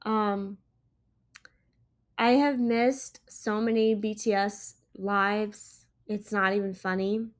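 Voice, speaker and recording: A woman's voice: medium pitch, little pitch movement, slow pace. Tired, chatty young woman podcaster. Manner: chatty, rambling, many "like" fillers. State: tired and yawning. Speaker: podcast host and small business owner. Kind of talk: casual solo podcast chat.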